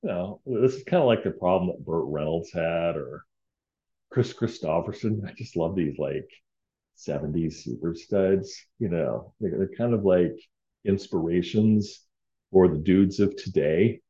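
Man, rambling heartfelt podcast host, dark mellow voice, slightly muffled recording. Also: low voice, measured pace. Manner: rambling, heartfelt, full of fillers. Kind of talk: casual solo podcast monologue.

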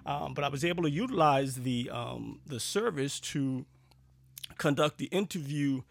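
A man's voice: medium pitch, moderate pace, gravelly. A man talking casually to camera in a rambling, sarcastic vlog, full of fillers and restarts. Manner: chatty, sarcastic storytelling with frequent fillers and restarts. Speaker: vlogger.

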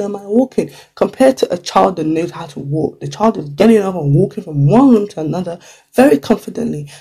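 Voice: medium pitch, gravelly, warm tone, slightly rough. A vlogger talking casually to camera with lots of "like" and "you know", now and then acting out short quotes. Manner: chatty, full of "like" and "you know", acts out little quotes. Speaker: vlogger giving career advice.

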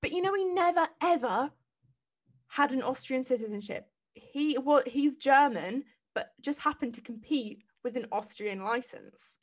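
A woman's voice: high-pitched, animated, unhurried. A young woman co-hosting a podcast, chatty, steering the talk with questions. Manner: chatty, leads topics with questions. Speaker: podcast co-host. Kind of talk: casual chat.

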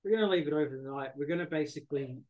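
A man's voice: a little high, very fast, phone-quality sound. A man chatting on a podcast, hesitant, with dry humour and plenty of ums. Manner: hesitant, many fillers and restarts, dry humour. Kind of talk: casual chat.

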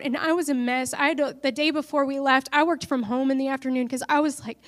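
A woman's voice: sits high, normal speed, a bit bright. A woman preacher giving an earnest sermon that builds to emphatic declarations.

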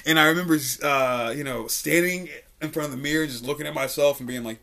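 A man's voice: a little high, fast, creaky, sharp tone. A young man from Richmond, Virginia, hosting a podcast and telling stories in a laid-back, swearing way, full of likes and uhs. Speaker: podcast host, comedian. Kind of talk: casual storytelling chat. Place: studio.

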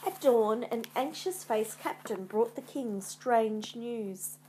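A woman reading a retold classic tale aloud as a storyteller, in a measured storybook manner. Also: fairly high pitch, warm tone, a little hiss or hum.

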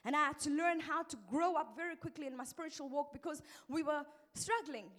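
A middle-aged woman, preaching a sermon in a lively, emphatic way and acting out the people she quotes. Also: high voice, fairly quick. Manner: lively, emphatic, quotes others in changed voices. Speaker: pastor's wife preaching.

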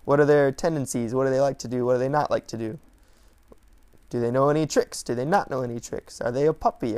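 A man's voice: medium pitch, a little mellow. A man hosting a podcast, telling stories in a chatty, rambling way with lots of fillers and restarts. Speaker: podcast host. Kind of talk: casual storytelling monologue. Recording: distant mic with faint background noise.

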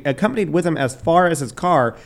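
A man's voice: fairly high pitch, animated, a little fast, creaky. A man hosting a podcast, telling a crime story in loose, casual chat, swearing, laughing and tripping over names. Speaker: podcast host.

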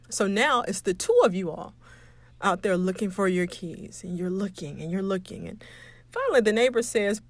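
A woman's voice: medium pitch, normal speed, no room sound. A woman from Atlanta, hosting a motivational podcast and telling stories with acted-out dialogue and easy laughter. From Atlanta, Georgia. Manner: storytelling, acts out dialogue, laughs easily. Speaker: podcast host.

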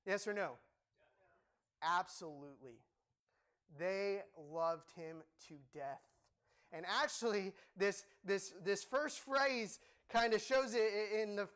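Young guy preaching, pretty high voice, jokes around then hits the points hard. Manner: animated, joking, emphatic. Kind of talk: sermon.

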